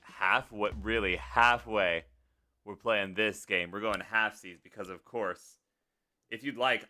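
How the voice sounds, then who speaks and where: Speaking slowly in a lowish voice with a sharp tone, a man streams live while composing, figuring out drum parts. He talks casually to himself and his chat, humming rhythms under his breath and reading messages out loud.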